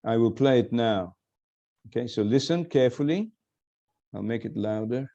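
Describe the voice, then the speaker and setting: An older man lecturing online as a professor, explaining slowly and quizzing his students. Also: medium pitch, expressive, dark tone, highs cut off. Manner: explanatory, questioning students, self-correcting.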